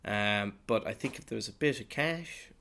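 A slightly low-voiced man holds forth in a comic monologue as a priest character. He rambles, swears, and bursts out loudly now and then. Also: animated, normal speed, creaky. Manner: rambling, sweary, with sudden loud outbursts. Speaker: podcast host.

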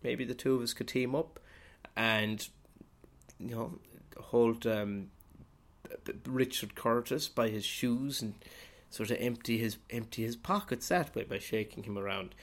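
A man, hosting a podcast and delivering a rambling comic monologue in character as a priest, swearing and breaking into sudden loud outbursts. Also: medium pitch, measured pace. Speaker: podcast host.

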